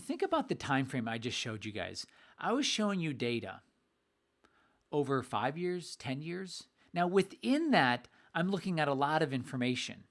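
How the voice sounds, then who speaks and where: A middle-aged man with a mid-range voice talks straight to camera as an investing teacher. He is energetic and loose, repeats phrases for emphasis, and slips in a dry, sarcastic edge. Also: medium pitch. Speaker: investing educator. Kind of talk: casual video lesson to camera.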